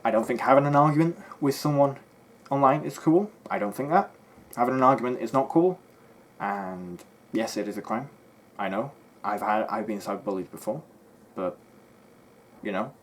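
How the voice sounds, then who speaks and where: A young man, a YouTuber, in a heated and defensive rant to camera, swearing and swinging between loud outbursts and low mutters. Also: a little hiss or hum.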